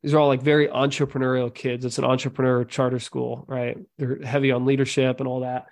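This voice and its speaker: A man's voice: mid-range voice, little pitch movement, a little mellow. Affirming male podcast host. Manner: affirming, quick to agree, then shares his own leadership stories. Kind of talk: casual podcast conversation.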